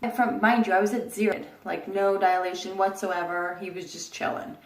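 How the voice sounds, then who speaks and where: A young woman tells a personal story to her viewers in a blunt, animated way, acting out the quotes and swearing casually. She sits a bit back from the mic, and the room gives her voice a noticeable echo. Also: medium pitch, normal speed, recorded from a distance, slight background noise. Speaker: vlogger.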